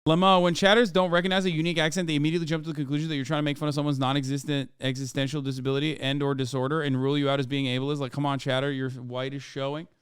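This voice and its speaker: A man's voice: a little high, little pitch movement, rapid-fire, hardly any pauses, smooth, dry recording, clean studio sound. A man hosting a livestream, reacting with profane, incredulous outbursts. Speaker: livestream host. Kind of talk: live reaction commentary.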